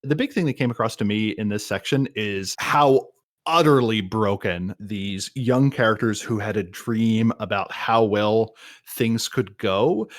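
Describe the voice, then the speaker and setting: A man co-hosting a podcast, chatting casually about a game book. His voice sits at a middle pitch, and his delivery is animated and jokey. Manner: animated and jokey, often acting out quotes. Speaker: podcast co-host. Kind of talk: casual podcast review chat.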